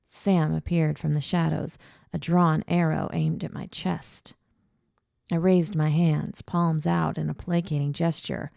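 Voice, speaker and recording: A woman narrates an audiobook in a measured, low-key voice. It sits low and gravelly with a dark tone. The recording is dry and close. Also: level tone, dry recording. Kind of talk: scripted first-person audiobook narration.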